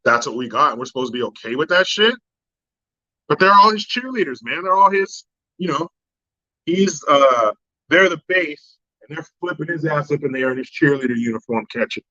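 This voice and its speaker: A man's voice: on the high side, lively intonation, moderate pace, sharp tone, no room sound. Sarcastic ranting male commentator. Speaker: host. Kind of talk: profane political commentary monologue. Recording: dry, slightly dull lo-fi sound.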